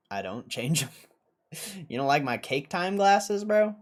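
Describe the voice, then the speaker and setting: A man's voice: fairly high pitch, very animated, moderate pace, long pauses. A young man streaming and chatting casually with himself, joking around and laughing often as he rehearses. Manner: joking, rambling self-talk with frequent laughs. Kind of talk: casual livestream chat.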